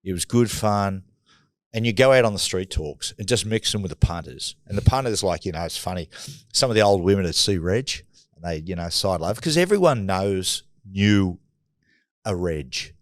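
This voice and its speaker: A very deep-voiced Australian man chatting as a podcast guest, rambling through his stories and letting his sentences trail off quietly. The sound is dry and close, with little room around it. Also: animated, normal speed, no room sound. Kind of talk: casual chat.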